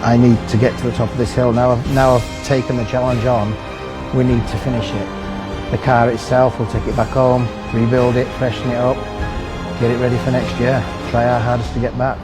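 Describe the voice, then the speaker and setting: A man's voice: mid-range voice, level tone, fairly quick. A man, a race driver, speaking with determination and frustration in an interview. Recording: music underneath.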